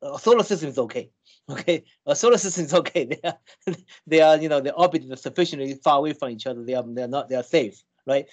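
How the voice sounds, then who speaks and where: Halting man explaining with many restarts. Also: on the high side. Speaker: scientist guest. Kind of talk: conversational explanation.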